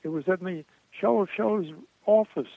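An older man telling comedy stories as a guest in a radio interview, rambling with many pauses and restarts. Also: high voice, creaky, no echo. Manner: rambling anecdotes with frequent uh and restarts. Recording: tinny dry phone line.

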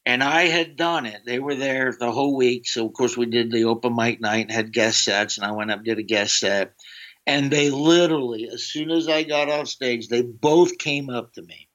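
A comedian telling rambling stories in a casual interview, with lots of fillers and quick switches into a drawling character voice for quoted lines. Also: mid-range voice, fairly bright tone. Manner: rambling anecdotes, slips into a drawling put-on voice for quotes. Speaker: comedian guest. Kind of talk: casual storytelling. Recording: dull lo-fi sound.

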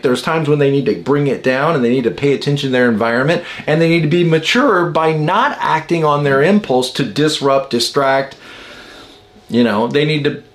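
A man teaching the Enneagram in an informal, emphatic way, with many rhetorical questions to his viewers. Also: fairly high pitch.

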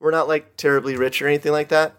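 A man voicing an eager, earnest young male novice who speaks haltingly at first. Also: fairly high pitch, flat delivery, a bit bright, smooth, close to an everyday voice.

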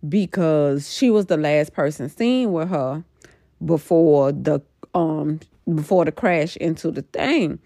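A woman's voice: low voice, takes it slowly, mellow, no room sound, studio quality. A middle-aged woman casually recounting a dream in a rambling, emphatic way, full of fillers. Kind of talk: casual storytelling about a dream.

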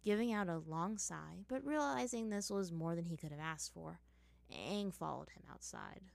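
A woman reading fan fiction aloud in an even storytelling manner. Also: lowish voice, moderate pace, creaky, no room sound. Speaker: reader.

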